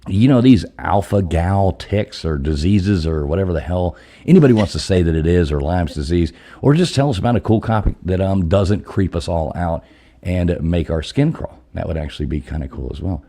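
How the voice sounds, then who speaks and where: A man's voice: deep voice, lively intonation, fairly quick, dark tone. A man hosting a casual live stream, greeting viewers by name in an easygoing, rambling way. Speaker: livestream host. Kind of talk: casual live show chat.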